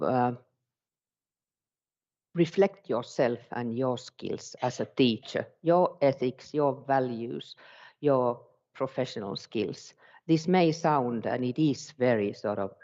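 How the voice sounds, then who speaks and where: Finnish-accented male presenter, hesitant non-native English, warm low tone, dull recording. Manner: halting, searching for words in a second language. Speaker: education speaker. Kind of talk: conference presentation.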